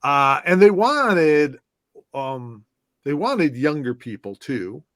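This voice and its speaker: Guy spinning old stories, kinda high voice, dry close sound. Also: slow pace, dry recording. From southwest side of Chicago, US. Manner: animated anecdotes with many restarts and fillers. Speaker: former whisky brand ambassador, guest. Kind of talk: casual conversational storytelling.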